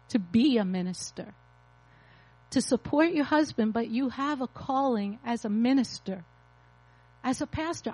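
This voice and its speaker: A woman pastor in her fifties delivers an emotional, confessional sermon testimony in a high-pitched voice. The recording is rough, with no echo.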